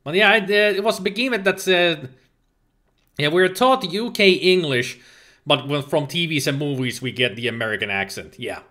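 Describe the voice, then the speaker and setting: A man's voice: fairly high pitch, animated, normal speed, pushed and bright. A man from Finland, a native Finnish speaker, chatting casually as a game streamer, reading viewer chat aloud and answering it with frequent laughs. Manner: laughs often, playful exclamations. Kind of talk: casual livestream chat while gaming.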